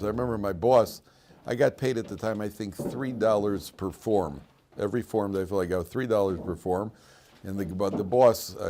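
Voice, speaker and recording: Older man, low-voiced rabbi at a classroom lesson; meandering, full of restarts, quick with a joke. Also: a little mellow, slight background noise. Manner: rambling, many fillers and restarts, joking storyteller. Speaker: rabbi teaching a weekly class. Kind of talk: informal Torah class with jokes. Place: classroom with students.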